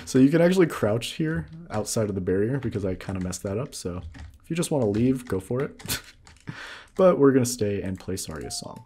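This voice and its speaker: A man's voice: mid-range voice, big pitch swings, normal speed, dark tone, faint music behind. A man giving casual let's-play commentary, chuckling and explaining as he plays. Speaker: gamer.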